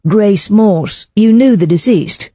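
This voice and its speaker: Dour fifties inspector, slow and skeptical, mellow dry sound, by the narrator. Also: medium pitch, dry recording, lo-fi sound, voice pushed up. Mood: stolid. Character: gloomy, suspicious police inspector around fifty.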